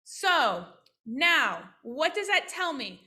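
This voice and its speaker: A woman physical therapist teaching practice owners on a video call, lively and interactive, often asking questions. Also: high-pitched, slow pace. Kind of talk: casual online teaching with role-played examples.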